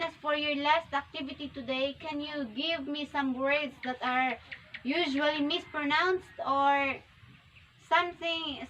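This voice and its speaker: A young woman teaching a demo class in a high, bright voice, stopping and restarting as she explains. The recording is a little dull, with some faint noise behind her. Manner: slow, repetitive, self-correcting classroom explanation. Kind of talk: demo micro-teaching lesson.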